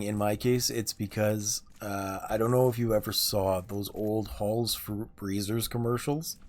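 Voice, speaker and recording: Slow-talking laid-back male streamer. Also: lowish voice, a little mellow. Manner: rambling, chuckles often. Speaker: livestreamer. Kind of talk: casual chat while gaming.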